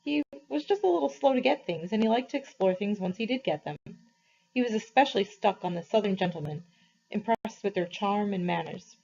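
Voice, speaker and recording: A woman teacher reading a novel aloud to her class, in a measured, expressive storytelling voice. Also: medium pitch, creaky, slight background noise. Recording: slightly muffled, dull recording.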